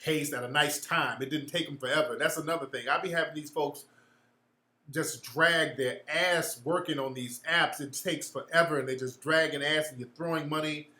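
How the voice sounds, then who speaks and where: A man's voice: a little high, steady tone, normal speed, pushed and bright, echoey room. A man hosting a casual livestream chat, answering viewers in a blunt, slangy, profane way.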